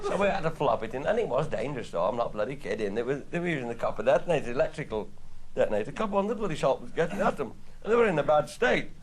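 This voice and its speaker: A man's voice: mid-range voice, lively intonation, rapid-fire. A man telling a comic anecdote on stage, earthy and full of swearing, laughing at his own jokes as he goes. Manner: broad folksy storytelling with dialect words. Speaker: comic storyteller. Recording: live audience laughter behind.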